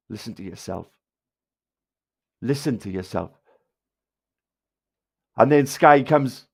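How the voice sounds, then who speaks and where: A man's voice: fairly low pitch, lively intonation, a little slow, vocal fry, pauses often. A man with a South Wales Valleys accent ranting angrily at viewers on a livestream, swearing and hurling insults. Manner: angry, insulting, heavy swearing.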